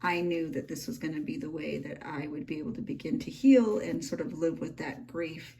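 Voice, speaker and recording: A woman's voice: low-pitched, normal speed, gravelly. A young woman, gushing and emotional as she flips through a handmade journal at home. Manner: gushing, emotional, soft-spoken. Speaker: journaling vlogger. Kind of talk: casual flip-through vlog. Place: home room.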